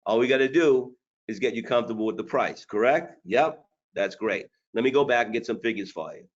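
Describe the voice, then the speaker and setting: A man's voice: medium pitch, fairly quick. Blunt man on dull webinar audio. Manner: blunt, hard-driving, joking. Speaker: sales trainer. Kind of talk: webinar coaching talk.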